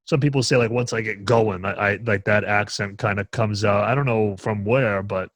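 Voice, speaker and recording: A man's voice: lowish voice, moderate pace, no echo. A man from New Hampshire hosting a podcast, chatting casually and ranting with plenty of swearing. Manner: profane, animated ranting. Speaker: podcast host.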